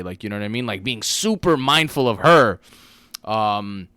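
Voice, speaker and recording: A man's voice: lowish voice, expressive, moderate pace, sharp tone, no echo. A man co-hosting a casual podcast, telling stories and acting out quotes in put-on voices, swearing casually. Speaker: podcast co-host. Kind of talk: casual chat.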